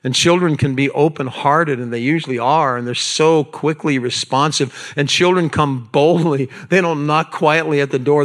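A man preaching a sermon to a congregation in a church, animated and conversational, with asides to the people in the room. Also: medium pitch. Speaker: pastor. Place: church sanctuary.

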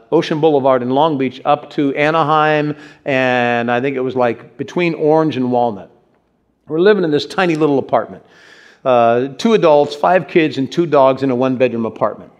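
Higher-voiced man preaching a story-filled sermon. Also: dull audio. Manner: animated storyteller, acts out quotes, asks the audience questions. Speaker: pastor.

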